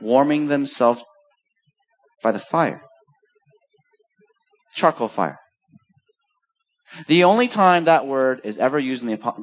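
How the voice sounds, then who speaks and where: A pastor with a medium-pitched voice preaches a sermon, telling a story in an animated way and acting out the quoted voices with lively energy.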